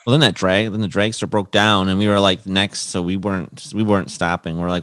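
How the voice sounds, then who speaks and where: A man's voice: low-pitched, level tone, a little fast, fairly bright tone, no echo. A man co-hosting a comedy podcast, chatting casually and reasoning his answers out at length. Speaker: podcast co-host. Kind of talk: casual banter.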